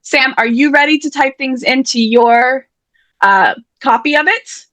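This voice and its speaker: A woman with a fairly high voice hosts a word game, chatty and playful and quick to poke fun at herself. The sound is dry and close, as if on a video call mic. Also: a bit bright, no room sound. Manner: chatty, playful, self-deprecating. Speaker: host and emcee of an online writers' event. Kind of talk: casual live-stream game hosting.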